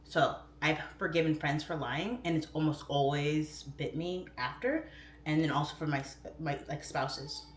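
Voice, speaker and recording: A woman in her thirties hosting a casual livestream, chatting openly and jumping up in pitch when she quotes herself. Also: measured pace, echoey room, slight background noise. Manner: chatty, expressive, pitch jumps up for quoted voices. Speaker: livestream host.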